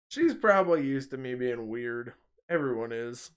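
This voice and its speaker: A man's voice: medium pitch, slight background noise. A man co-hosting a podcast, chatting casually and laughing often as he tells stories and slips into voices. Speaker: podcast co-host. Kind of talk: casual chat.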